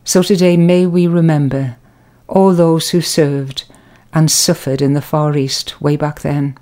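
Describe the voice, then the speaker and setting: A woman giving a calm, measured and earnest spoken devotional reflection. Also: low voice. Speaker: preacher.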